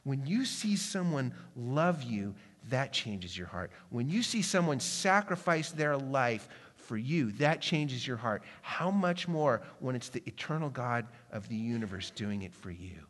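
A man preaching a sermon, moving from quick, urgent passages to slow, hushed ones. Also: mid-range voice, big pitch swings. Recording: long hall reverb.

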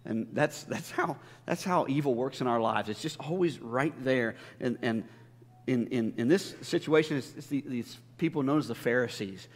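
A man's voice: medium pitch, normal speed. A male pastor giving a conversational, emphatic sermon full of stories. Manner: conversational, emphatic preaching with storytelling. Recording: long reverb of a large church hall.

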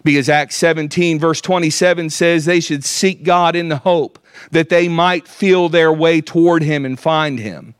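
A man's voice: fairly high pitch, a little slow, smooth, dry recording, studio quality. A man preaching a sermon, earnestly quoting scripture. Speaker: pastor.

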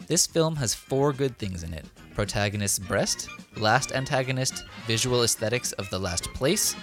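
A man co-hosting a casual film podcast, briskly running a quiz game. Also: medium pitch, lively intonation, music in the background. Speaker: podcast co-host and quizmaster.

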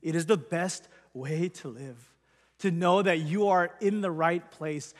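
Male pastor, high voice, earnest testimony, long hall reverb. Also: a little slow. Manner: earnest, conversational storytelling. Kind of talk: personal testimony to a congregation.

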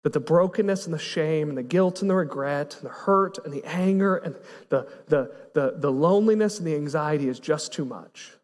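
A man preaching a sermon as pastor, impassioned, swinging between hushed and excited delivery. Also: fairly high pitch, normal speed, in a large hall.

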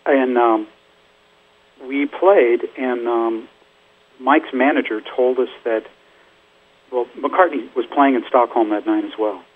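A slow-speaking older man with a medium-pitched voice, a musician guest, shares stories in a casual interview, leaving long pauses. He rambles chattily with many fillers, and the recording sounds like a phone line.

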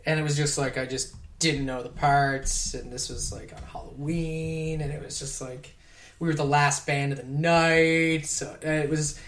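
A man's voice: fairly high pitch, fairly even intonation, measured pace, fairly bright tone. A man chatting casually as a podcast guest, rambling and laughing as he tells stories and swears now and then. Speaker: podcast guest, props worker. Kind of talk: casual chat.

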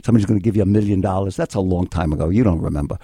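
An older man hosting a call-in legal advice radio show, blunt and excitable, swinging between yelling and calm. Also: low-pitched, very fast, breathy edge, no echo, clean studio sound. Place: radio studio.

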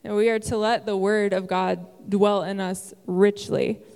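A woman preaches with earnest encouragement in a warm, smooth voice. The sermon carries a long reverb from a large hall. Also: medium pitch, level tone, unhurried. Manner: earnest, encouraging, with occasional "um" fillers. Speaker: church speaker. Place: church sanctuary.

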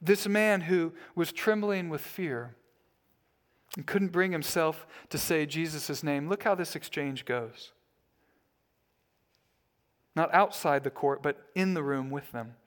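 A man's voice: a little high, slow, pauses often. A man preaching a sermon as a pastor, telling stories in a conversational way.

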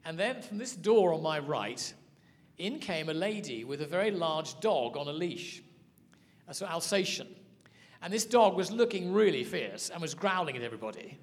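A man teaching a sermon, telling stories in an animated way. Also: fairly high pitch. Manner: storytelling, animated. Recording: hall reverb.

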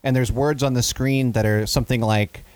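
A man's voice: medium pitch, fairly even intonation, moderate pace, a little mellow, dry recording. A man in casual podcast chat who explains things at length in a wry tone, chuckling between points.

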